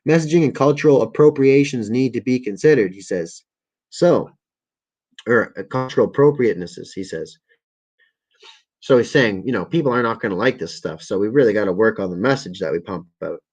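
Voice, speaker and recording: A man's voice: on the low side, lively intonation, fairly quick, darkish tone, poor audio. A man hosting a casual livestream, reading articles and viewer comments aloud, stumbling over words, correcting himself and swearing often, sounding a little tired. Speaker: livestream host.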